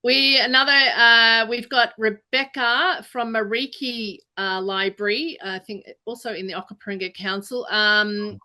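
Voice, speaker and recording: A woman's voice: fairly high pitch, steady tone, unhurried, few pauses, pushed and bright. A woman hosting a live online interview, reading out audience questions. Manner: reads out audience questions, brief encouraging backchannels. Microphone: video call.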